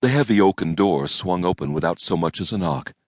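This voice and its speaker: A man narrating an audiobook in a measured storytelling manner, recorded on a close studio mic. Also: low voice, darkish tone, no room sound. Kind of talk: scripted narration.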